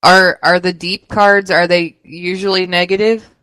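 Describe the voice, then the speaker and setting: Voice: mid-range voice, flat delivery, a little slow, bright, forceful tone, smooth, poor audio. A radio co-host interviewing a guest, asking short, friendly follow-up questions.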